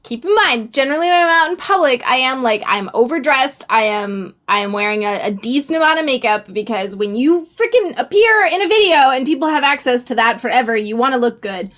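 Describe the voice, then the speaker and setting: High-voiced young woman telling a story. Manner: animated, rambling, quick bursts of exclamation. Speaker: YouTuber. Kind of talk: casual storytime.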